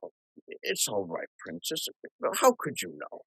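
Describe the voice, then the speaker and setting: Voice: deep voice, wildly swooping pitch, measured pace, fairly bright tone, breathy edge, exaggerated voice. A young actor playing a rich, forgetful father who blusters and stammers, in a school play over a video call. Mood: gruff. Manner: blustering, stammering, snaps then coos. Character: rich, forgetful old father, gruff and doting.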